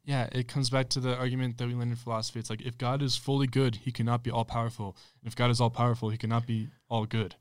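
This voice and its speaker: A man's voice: medium pitch, flat delivery, fast talker, hardly any pauses, dry recording. A man co-hosting a podcast, chiming in casually on faith topics and agreeing with the others. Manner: affirming, laughs often. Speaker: podcast co-host.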